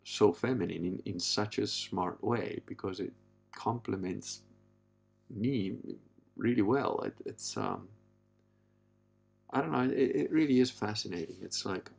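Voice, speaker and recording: A man in his fifties hosting a casual monologue, blunt and profane, with a gravelly voice. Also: a little slow. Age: 50s. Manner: blunt and profane, mimics others in a high falsetto. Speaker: podcast host. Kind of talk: casual live-stream monologue.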